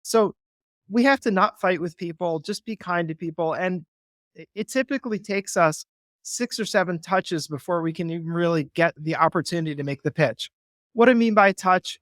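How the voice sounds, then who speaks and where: A real estate investor appears as an interview guest, giving a conversational explanation and acting out phone calls as he makes his case earnestly and persuasively. He talks at a normal speed in a slightly high, a bit bright voice, and the studio recording is clean with no echo.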